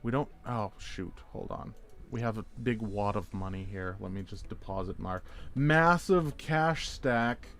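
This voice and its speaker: A man's voice: lowish voice, measured pace, fairly bright tone. A man streaming a game, chatting casually and rambling as he reacts to viewers' messages with playful jokes. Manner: jokey, playful wordplay. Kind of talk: casual gameplay chat.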